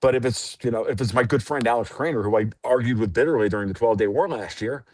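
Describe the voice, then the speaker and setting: A man's voice: mid-range voice, fast talker, no echo. Male guest, blunt and profane, freewheeling talker, dry close sound. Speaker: podcast guest. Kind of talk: casual interview chat.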